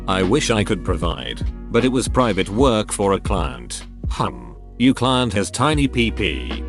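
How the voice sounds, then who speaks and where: A man reads out online posts one after another in a scripted narration. His voice sits low, but his pitch rises and falls with lively movement. Soft music plays faintly behind him.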